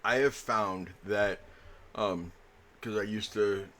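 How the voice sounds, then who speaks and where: A man's voice: fairly low pitch, slow pace, a bit bright, slight background noise. A man serving as game master, chatting casually and rambling through a story with lots of fillers. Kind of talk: casual table chat between game sessions.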